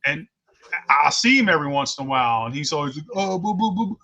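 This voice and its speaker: Blunt, profane man with a bright voice. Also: a little high, expressive, fast talker. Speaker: host. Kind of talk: casual storytelling chat.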